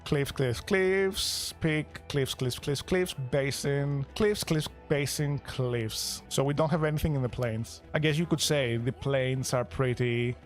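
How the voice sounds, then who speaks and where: A woman's voice: very deep voice, unhurried, hardly any pauses, soft background music. A young woman from Greece, streaming a video game in a casual, playful and giggly way. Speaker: VTuber streamer. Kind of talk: casual gaming livestream chat.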